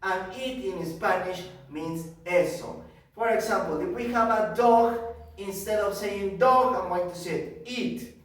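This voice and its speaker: A man teaching English to young children, speaking slowly and emphatically, repeating each word and often checking with "ok?". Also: sits high. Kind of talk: bilingual classroom lesson. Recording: roomy echo, from far off.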